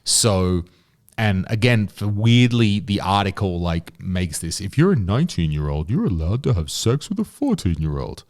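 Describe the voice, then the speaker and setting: Co-hosting a podcast from a studio, this Australian man has a low-pitched voice and a moderate pace. He rants profanely and launches into animated stories during the casual chat.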